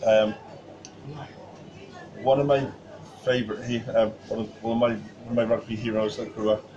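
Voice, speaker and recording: A man's voice: fairly low pitch, fairly even intonation, moderate pace, lo-fi sound, noisy background. A man, a podcast guest, telling stories in a chatty way with lots of fillers and restarts. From Wales. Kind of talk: casual chat. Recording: crowd chatter behind.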